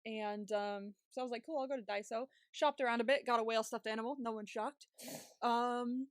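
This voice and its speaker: A woman's voice: fairly high pitch, steady tone, fairly quick, clean tone, dry recording. Chatty young woman, dry close mic. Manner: chatty, swears freely, laughs often, many fillers. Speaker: podcast co-host. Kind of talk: casual storytelling chat.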